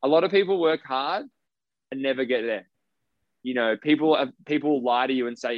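A man's voice: mid-range voice, moderate pace, no room sound. An Australian man, a professional basketball player, telling his story in a casual interview, emphatic and blunt, swearing freely. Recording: dry, slightly dull lo-fi sound.

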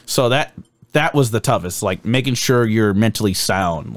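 A man's voice: fairly low pitch, animated, moderate pace, no echo. A young man chatting casually on a podcast, swearing a lot and laughing as he acts out his drill instructors. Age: young adult. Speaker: podcast guest telling boot camp stories.

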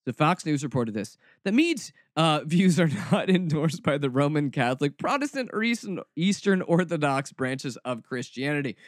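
A man with a somewhat high voice hosts a casual commentary podcast, full of sarcasm and mock drama. His delivery is snarky and playful, and it sounds dry and close, with no room echo. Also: lively intonation, moderate pace, hardly any pauses. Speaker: podcast host.

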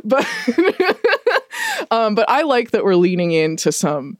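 A woman's voice: on the high side, wildly swooping pitch, slow pace, no room sound, clean studio sound. A woman co-hosting a podcast, chatting and joking with frequent laughter. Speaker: podcast co-host. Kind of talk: casual chat.

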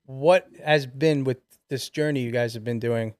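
A man's voice: mid-range voice, steady tone, normal speed, darkish tone, no room sound, clean studio sound. A man hosting an interview, curious and asking open questions. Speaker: interview host.

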